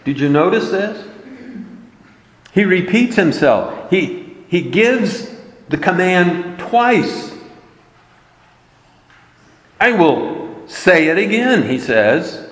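Male preacher, slow and emphatic delivery, long reverb of a hall. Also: high voice, very animated. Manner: emphatic, repeating key words. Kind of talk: sermon.

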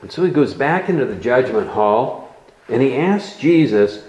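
A man preaching an expository sermon, teaching in a measured way and stressing key words. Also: medium pitch, expressive, a little mellow, roomy sound, highs cut off.

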